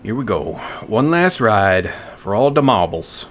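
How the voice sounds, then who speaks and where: A man's voice: lowish voice, big pitch swings, a little slow, a bit bright, a little hiss or hum. A man casually commenting on his own gameplay, joking, swearing and talking back to the game. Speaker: streamer.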